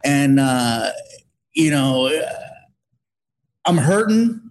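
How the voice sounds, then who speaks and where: A man telling an animated comic story as a guest, acting out what people said. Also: mid-range voice, extremely slow. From Mexican heritage. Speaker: guest comedian. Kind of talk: storytelling on a podcast.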